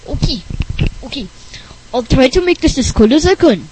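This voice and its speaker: A woman's voice: high voice, expressive, a little mellow, breathy edge, rough recording. A woman hosting a playful homemade podcast, goofy and teasing. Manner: goofy, teasing, slow-talking. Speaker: podcast host.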